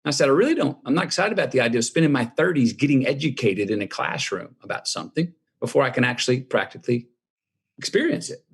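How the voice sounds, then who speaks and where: Man, husky voice, unhurried storyteller, interview guest. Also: medium pitch. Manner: drawling, relaxed storyteller with laughs.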